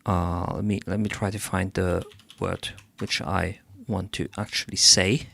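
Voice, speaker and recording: A man hosting a live stream who critiques a listener's song in an analytical way. He often pauses to search for the right word. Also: low voice, flat delivery, vocal fry, fairly bright tone. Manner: analytical, searches for words, hums melodies to demonstrate. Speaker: music feedback streamer.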